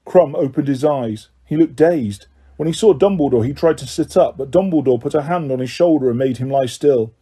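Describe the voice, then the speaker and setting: Husky man reading a storybook. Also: medium pitch, fairly quick. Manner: even, steady storytelling. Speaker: audiobook narrator. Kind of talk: scripted narration.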